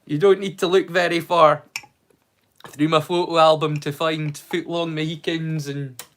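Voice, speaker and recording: Slightly slow and on the high side, the man's voice barely moves in pitch. He's hosting a relaxed livestream watch-along, chatting, joking and swearing freely with viewers, and he welcomes them in a loud, bright way.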